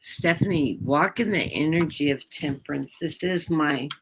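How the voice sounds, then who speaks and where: A woman's voice: low voice, normal speed, gravelly, breathy edge, poor audio. An American woman joining a live stream as a guest tarot reader, chatty and upbeat, laughing easily.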